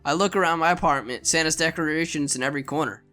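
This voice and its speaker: Over soft background music, a man reads a visual novel aloud quickly, earnestly and expressively. His bright voice sits a little high for a man, and he occasionally trips over a word.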